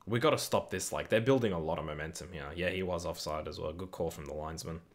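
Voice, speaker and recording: Talking at a quick pace in a low-pitched voice, a young British man hosts a football watch-along stream, reading chat aloud, swearing, chatting casually and getting excitable.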